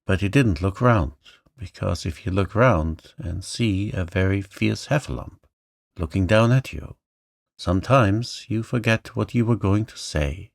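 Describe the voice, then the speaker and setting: Slow, gravelly-voiced man reading a bedtime story. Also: low-pitched, no room sound, clean studio sound. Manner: slow, soothing and gentle. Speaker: audiobook narrator.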